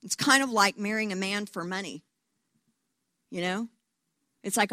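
A woman preaching a sermon who tells stories in an animated way, acts out quotes, and often repeats words as she goes. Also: medium pitch, unhurried, pauses often, no echo, clean studio sound.

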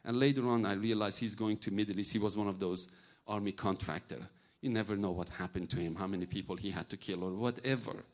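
Guy preaching, middle-aged, animated storyteller, loose grammar. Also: lowish voice, quick pace, few pauses. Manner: animated storytelling, acts out voices, non-native grammar. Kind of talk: sermon with personal stories.

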